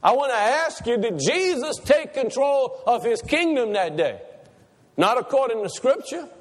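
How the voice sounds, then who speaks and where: High-voiced man preaching in a reverberant hall. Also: very animated, normal speed. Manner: asks the congregation questions, repeats points for emphasis. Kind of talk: sermon.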